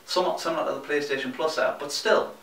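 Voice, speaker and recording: A young Geordie man rattles through gaming news at a quick clip, with dry, teasing asides between the items. His voice sits in a roomy, echoey space, picked up from a little way off the mic. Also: a little high, a bit bright. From North East England. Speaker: co-host of a gaming news show. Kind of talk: scripted comedic news reading. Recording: roomy echo, mic at a distance.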